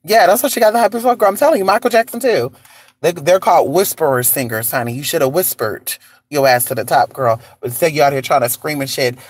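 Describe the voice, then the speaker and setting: A vlogger in a casual gossip chat outdoors in the cold, sassy and animated, calling listeners honey and girl. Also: mid-range voice, fast, husky, dry recording.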